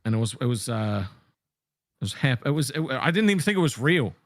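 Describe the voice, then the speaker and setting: A man's voice: mid-range voice, very animated, a little fast, dry recording. A man bantering defensively with his co-hosts on a livestream panel, rambling and restarting as he jokes. His voice sits mid-range and sounds dry and close. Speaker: show host.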